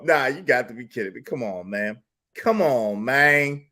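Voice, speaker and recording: A male stream host giving fast-swinging, theatrical commentary, mocking and exclaiming, then dropping to a mutter. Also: medium pitch, big pitch swings, sharp tone.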